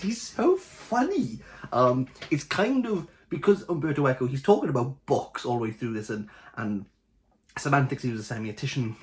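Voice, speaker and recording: A young man with a Welsh Valleys accent, chatting casually and jokily to camera as host of a book channel. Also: medium pitch. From Wales. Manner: chatty, jokey, animated.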